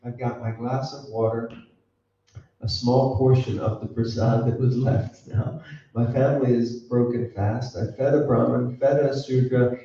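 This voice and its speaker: Man teaching a spiritual story; playful, laughs, quizzes the room; slow, mellow; far-off echoey, dull recording. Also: mid-range voice, level tone.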